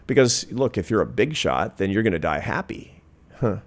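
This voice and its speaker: Deep-voiced man in his fifties telling a story. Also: sing-song, moderate pace. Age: 50s. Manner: earnest, reflective, builds to emphatic points. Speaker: guest, social scientist. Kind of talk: storytelling in a podcast interview.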